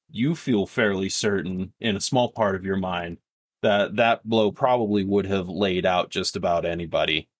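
Low-voiced man narrating a game. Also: a bit bright, no echo, studio quality. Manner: vivid, descriptive narration. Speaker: game master.

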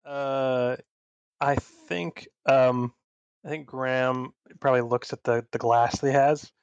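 A man's voice: mid-range voice, fairly even intonation, slow, clear, resonant tone, no echo. Hesitant man on a dull lo-fi mic. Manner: hesitant, thinking aloud with many fillers. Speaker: player. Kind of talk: tabletop game play.

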